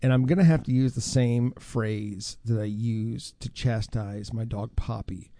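A man hosting a radio show, telling a story in an animated, teasing way. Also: mid-range voice, unhurried, no echo. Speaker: radio host. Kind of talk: morning radio banter. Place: radio studio.

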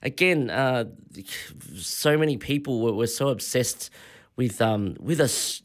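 A man's voice: mid-range voice, slow. An Australian man in his forties, a radio host telling rambling travel stories in a casual on-air monologue. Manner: rambling anecdotal storytelling.

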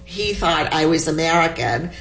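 A woman born in Cuba talks in a relaxed interview with an easy storytelling flow and laughs often. Her voice sits a little low. The room around her sounds echoey. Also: normal speed, creaky, soft background music. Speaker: poet guest.

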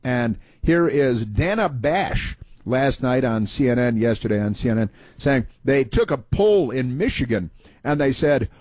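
Man, talk radio host, husky, mocking, rambling, dry close sound. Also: mid-range voice, expressive, normal speed, a little mellow, dry recording. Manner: sarcastic, mocking, rambling with many fillers. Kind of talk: opinionated political commentary.

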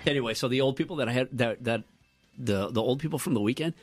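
A man co-hosting a radio morning show, telling stories casually and jumping up in pitch when he quotes people. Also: quick pace, faint music behind. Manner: animated, jumps up in pitch for quoted lines. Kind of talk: casual storytelling chat. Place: radio studio.

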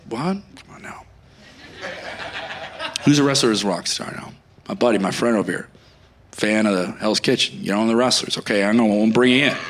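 Loud ranting male stand-up comic. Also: medium pitch. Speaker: stand-up comedian. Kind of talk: stand-up set. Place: comedy club stage.

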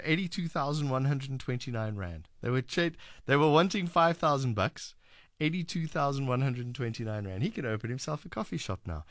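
A man's voice: mid-range voice, fairly bright tone, dry recording, studio quality. A man hosting a radio talk show, chatting casually with callers and telling jokey stories. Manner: jokey storyteller, reads messages aloud.

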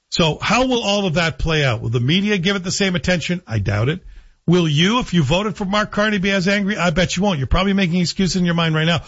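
Guy ranting about politics, sarcastic rhetorical questions, kinda raspy, muffled dry audio. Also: a little high, no echo. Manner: sardonic, rhetorical questions to the listener. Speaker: political commentator. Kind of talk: opinionated monologue.

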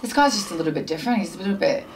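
A woman's voice: lowish voice, lively intonation, very fast, a little hiss or hum. Rambling woman telling a story. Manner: rambling storyteller, acts out quotes. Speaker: radio co-host. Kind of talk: casual chat.

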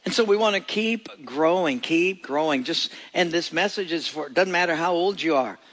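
A man's voice: fairly high pitch, expressive, moderate pace, a bit bright. A male pastor giving a sermon with folksy jokes and emphatic, storytelling delivery.

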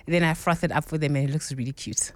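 A woman's voice: low voice, steady tone, fast, no echo. A woman calling in to a radio show, chatty and bubbly. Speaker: radio caller. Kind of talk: casual chat on a call-in show.

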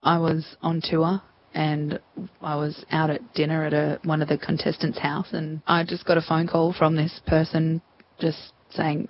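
A woman's voice: sits low, level tone, moderate pace, no room sound, dull audio. A woman in her thirties with an Australian accent, telling her story in an interview and acting out remembered conversations. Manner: chatty, acts out remembered dialogue. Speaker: interview guest.

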